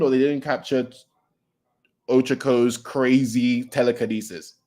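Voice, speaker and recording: A young man in a relaxed livestream chat reacts to comic chapters in a mid-pitched voice. He drifts between reading aloud and greeting people in the chat. His speech is loose and chatty, with casual swearing. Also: normal speed.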